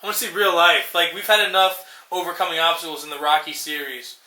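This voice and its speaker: A man talks fast in a sharp, slightly high voice that barely changes pitch, ranting casually as a podcast co-host. He swears, wanders off topic, and plays out scenes in mocking voices, all in an echoey room.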